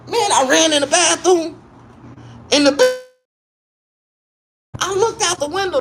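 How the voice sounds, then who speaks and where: A male comedian telling a raunchy, profane story, swinging between low muttering and loud, high yelps. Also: measured pace, pauses often.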